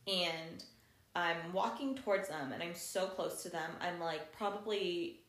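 A woman's voice: on the low side, unhurried. A young woman, telling a story as a podcast co-host and acting out what people said, laughing often. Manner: animated storyteller, acts out quotes, laughs often. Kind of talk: casual chat, storytelling. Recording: roomy podcast recording.

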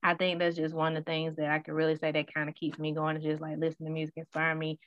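A woman in her thirties talks casually and tells stories animatedly, playing out each quote. Her voice sits on the low side. The recording is dry and a little dull. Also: fast, no echo. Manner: animated storyteller who acts out quotes. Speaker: guest sharing her story. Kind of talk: casual conversation.

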